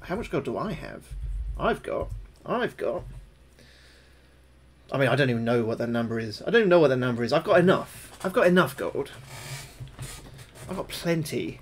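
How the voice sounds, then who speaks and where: Excitable sweary man streaming. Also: mid-range voice, moderate pace, pauses often. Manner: excitable, swears a lot, yelps when scared. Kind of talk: live gameplay commentary.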